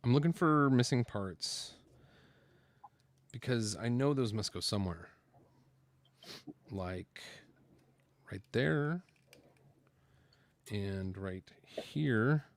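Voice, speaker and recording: A man chatting while he builds on camera, rambling loosely and filling gaps with fillers. His voice sits in an ordinary middle pitch. He talks in an easygoing, unhurried way. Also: expressive, dry recording. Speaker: host building LEGO on camera. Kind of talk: casual building chat.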